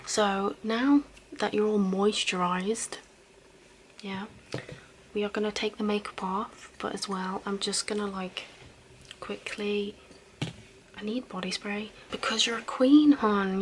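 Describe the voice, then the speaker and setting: A young woman talks in a hushed, whispered role-play, gently fussing over a friend. Her voice sits at a middle pitch and stays chatty and reassuring. A clear background hiss runs under the recording. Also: steady tone, takes it slowly, long pauses, poor audio. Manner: soft, chatty and reassuring, with giggles. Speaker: ASMR host playing a caring best friend.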